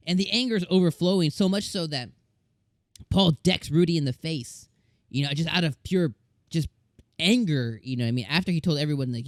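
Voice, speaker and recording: A man reviewing an anime episode in casual chat, excitable and gushing, often repeating words and restarting his sentences. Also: fairly high pitch, a little fast, dry recording, clean studio sound.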